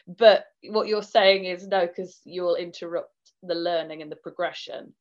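A woman's voice: lowish voice, normal speed. Inquisitive woman co-host, slightly dull sound. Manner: inquisitive, animated questions. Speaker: podcast co-host. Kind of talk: casual chat.

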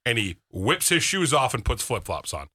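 Casting: male podcast host, very animated pitch, bright tone, teasing and jokey. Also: moderate pace, husky. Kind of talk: casual chat.

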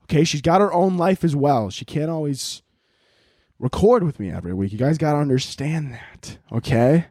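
A man's voice: on the high side, expressive, moderate pace, mellow, dry recording, studio quality. A young man hosting his own podcast as a comedian, ranting casually and swearing as he drifts off on tangents. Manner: profane, rambling, goes off on tangents. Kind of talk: casual solo podcast rant.

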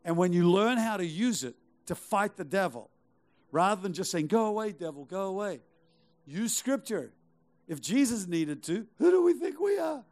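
A man's voice: sits high, very animated, moderate pace, darkish tone. A middle-aged male pastor preaching a sermon, urging the congregation on with rhetorical questions and repeated phrases. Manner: emphatic, exhorting with rhetorical questions and repetition.

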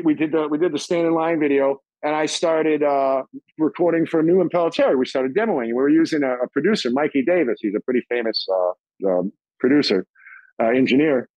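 Animated, profane middle-aged man telling stories. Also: brisk, no room sound, dull audio. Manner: animated, profane, acts out quoted voices in a higher pitch. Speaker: interview guest, drummer. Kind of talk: casual storytelling interview.

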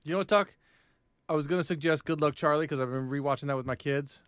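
A man's voice: fairly high pitch, fast talker, a bit bright, smooth, no room sound, clean studio sound. A man co-hosting a podcast in casual chat, easygoing and amused. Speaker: podcast co-host.

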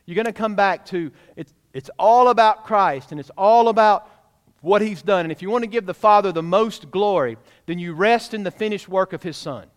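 High-voiced preaching pastor in a reverberant church. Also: male voice, moderate pace. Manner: emphatic preaching, rhetorical questions to the congregation. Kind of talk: sermon. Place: church sanctuary.

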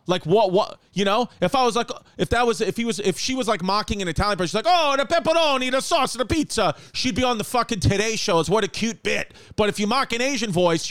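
A man hosting a casual comedic podcast from his apartment, rambling and joking in an animated way. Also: sits high, no echo, clean studio sound. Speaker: podcast host. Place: home apartment.

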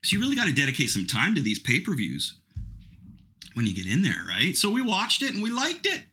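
A middle-aged Canadian man hosts a podcast, chatting casually in a rambling, self-mocking way. His voice is fairly high with wildly swooping pitch, fairly quick, sharp-toned and breathy-edged.

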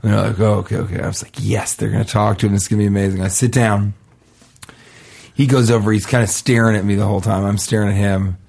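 A man co-hosting a podcast, telling casual comic stories and acting out the people in them with sudden jumps in pitch. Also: fairly even intonation, fast, gravelly, a little mellow, husky. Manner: acts out quoted voices, jumping pitch. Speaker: podcast co-host. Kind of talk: casual comedic storytelling.

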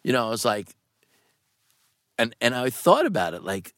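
Animated male guest, wide-ranging pitch, dry close sound, rambling and profane. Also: normal speed, dry recording. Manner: animated, rambling, swears, laughs often. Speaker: actor guest. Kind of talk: interview storytelling.

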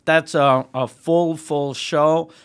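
A man co-hosting a podcast, chiming in with reactions and plugging the show with many pauses and fillers. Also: fairly high pitch, fairly even intonation, clean tone. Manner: chiming in with short reactions, halting during plugs. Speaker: podcast co-host. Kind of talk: casual chat and show promo.

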